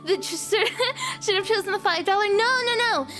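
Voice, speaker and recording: Young woman streamer, very high and bright voice, animated storyteller, soft music under her. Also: moderate pace. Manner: giggly, repeats lines for effect. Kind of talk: casual chat stream.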